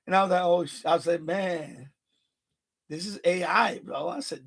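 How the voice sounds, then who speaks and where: Speaking at a measured pace into a desk microphone, a man from Puerto Rico chats casually on his live stream. His voice is high for a man with a gravelly edge, and he turns animated and foul-mouthed, full of restarts and swearing.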